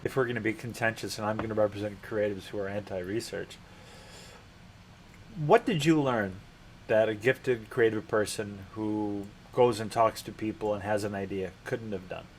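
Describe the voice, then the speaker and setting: A man's voice: on the low side, normal speed, slight background noise. A man hosting an interview, probing his guest with pointed follow-up questions. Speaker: host. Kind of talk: conversational interview.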